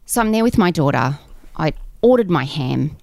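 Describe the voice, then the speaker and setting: A woman in her forties, co-hosting a podcast, telling animated stories in casual chat and swearing freely. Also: deep voice, normal speed, vocal fry, no echo. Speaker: podcast co-host.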